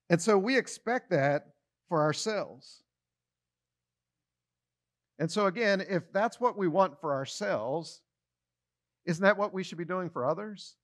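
A man's voice: high voice, lively intonation, a little slow, pauses often. A man pastor giving a conversational sermon, often repeating words as he starts a phrase and acting out everyday quotes with a shifting tone.

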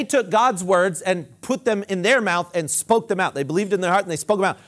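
A man preaching a sermon as pastor, emphatic and repetitive, dropping low and quiet when he quotes scripture. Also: a little fast, hardly any pauses. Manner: emphatic preaching with repeated phrases.

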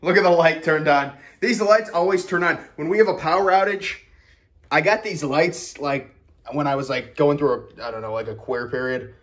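A man's voice: fairly high pitch, normal speed, fairly bright tone. A man talking casually to the camera at home, rambling and self-mocking, sweaty from the heat. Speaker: vlogger. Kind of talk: casual vlog talk to camera. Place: his home office, indoors.

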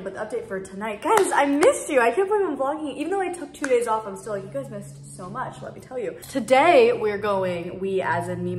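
A woman's voice: medium pitch, a little hiss or hum. A young woman chatting casually to her vlog viewers from her apartment, rambling with lots of "like". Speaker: vlogger. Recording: roomy echo.

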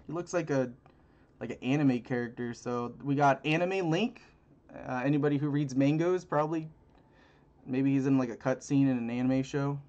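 A man's voice: mid-range voice, steady tone, normal speed, a little mellow, highs cut off. A man rambling through a casual card-opening video with crude jokes and lots of fillers, recorded on a phone. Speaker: channel host.

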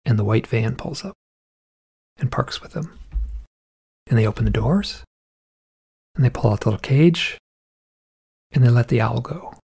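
A man's voice: mid-range voice, a little slow, creaky, pauses often, slightly rough. A man telling a long story in casual conversation, acting out the people in it. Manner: animated storyteller, acts out quoted people in a raised voice. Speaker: podcast guest.

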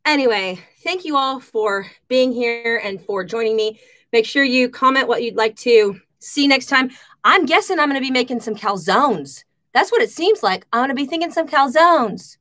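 A woman hosting a casual live stream from her home kitchen, chatting and shouting out viewers by name. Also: a little high, expressive, normal speed.

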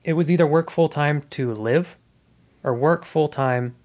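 A man's voice: a little high, a little slow, a little mellow. A man in his thirties, a comedian guest on a podcast, telling his life story in a casual, earnest and reflective way.

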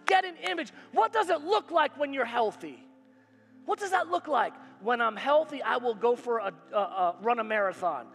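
A man's voice: very high-pitched, expressive, moderate pace, a bit bright, breathy edge. A male pastor preaching a sermon, emphatic and repetitive, with call-and-response phrases. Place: church sanctuary. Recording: hall reverb with faint music.

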